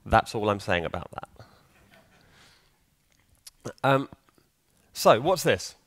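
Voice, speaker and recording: A man's voice: on the low side, very animated, extremely slow, a bit bright, dry recording. A man giving a conference talk in a conversational way, often putting questions to the audience. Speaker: conference speaker. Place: conference hall.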